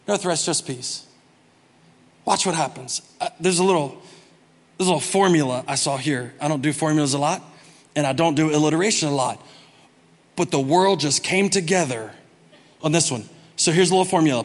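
A man preaching a sermon as pastor, humorous, swinging from soft asides to loud, emphatic bursts. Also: a little high, big-room sound.

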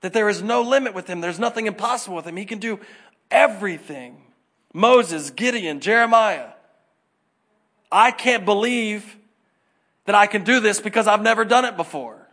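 A man preaching a sermon, animated and acting out the voices in the scripture stories. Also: high voice, normal speed. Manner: animated, acts out scripture dialogue in varied voices.

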